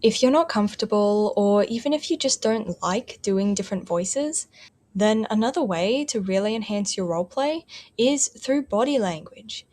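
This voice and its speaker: A woman's voice: mid-range voice, expressive, normal speed, darkish tone. A woman hosting a tutorial and explaining the basics of roleplay in a friendly, explanatory way. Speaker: host.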